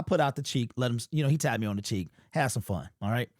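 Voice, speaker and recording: A man's voice: mid-range voice, animated, fast, no room sound, studio quality. A man in his forties hosting a casual fan commentary vlog, chatty and rambling with frequent restarts. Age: 40s. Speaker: sports YouTube channel host.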